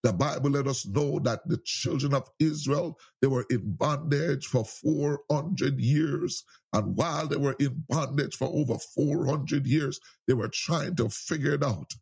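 Fervent husky-voiced man preaching. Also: on the high side, a little mellow. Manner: fervent, repetitive exhortation with frequent interjections. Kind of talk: sermon.

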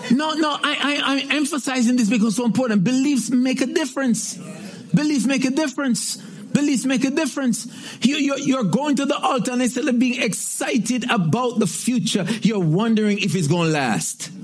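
A man with a strikingly high voice preaching a sermon. He hammers home repeated refrains and breaks into shouted exclamations. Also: normal speed. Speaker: pastor.

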